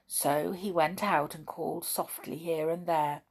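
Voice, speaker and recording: A woman reading a children's story aloud, gentle and expressive, with chatty asides. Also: sits low, unhurried, hardly any pauses, slightly rough.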